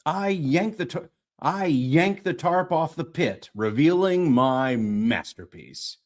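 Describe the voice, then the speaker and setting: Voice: mid-range voice, expressive, slow pace, darkish tone. An audiobook narrator reading a comic fantasy story live, retaking and repeating lines, with playful voice acting.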